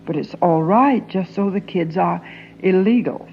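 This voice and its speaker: A woman performing a dramatic monologue as an anguished young Southern woman confronting her father, intense and often sinking into a hushed whisper. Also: on the low side, a little slow, highs cut off, a little hiss or hum. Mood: bitter sarcasm.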